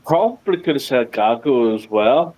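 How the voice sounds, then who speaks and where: A man co-hosting a casual football podcast, who deliberately slows his speech and talks carefully. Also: mid-range voice, lively intonation, a little mellow, poor audio. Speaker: podcast co-host.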